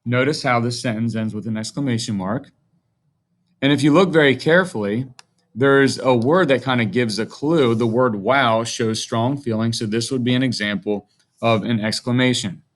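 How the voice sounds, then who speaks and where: A man's voice: mid-range voice, moderate pace. A man teaching a grammar lesson to young children, speaking in a patient, friendly way.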